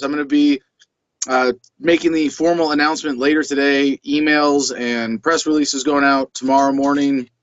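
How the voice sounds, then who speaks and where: A man guest in a casual interview, chatty and quick to laugh, often restarting his sentences. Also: mid-range voice, no room sound. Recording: dull dry remote audio.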